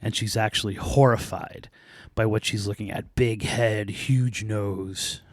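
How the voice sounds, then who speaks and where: A man hosting a podcast, casually retelling a folk tale with lively asides and light laughs. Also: on the low side, a little slow, dry recording, clean studio sound. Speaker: podcast host.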